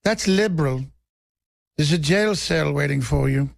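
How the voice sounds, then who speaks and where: A man mocking a smug establishment liberal with a slow, languid, condescending drawl. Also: a little high, creaky, no room sound, studio quality.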